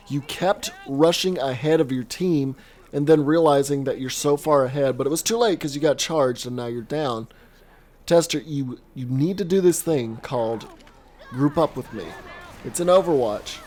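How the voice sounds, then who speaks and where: Male host, fairly high voice, casual animated video-game coaching, voice a little worn, light background noise. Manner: animated, quick reactions, self-deprecating asides. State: voice strained from long recording. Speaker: host giving gameplay coaching commentary. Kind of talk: casual commentary over gameplay footage.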